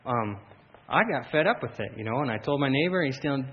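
A man preaching a sermon as pastor, telling stories animatedly with frequent laughs and loud shouted bursts. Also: medium pitch, lively intonation, fast talker. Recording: dull lo-fi sound, faint room ambience.

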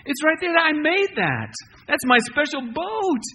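Guy doing a little kid voice, high and pushy, begging and insisting. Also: very animated, a little slow, pushed and bright, slight background noise, full character voice. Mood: pleading. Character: excited pleading little boy.

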